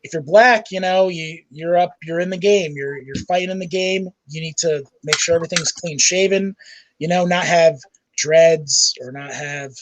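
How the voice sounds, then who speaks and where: A man on a casual panel show, chatting in a loose, relaxed way. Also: a little high, normal speed, low-quality recording.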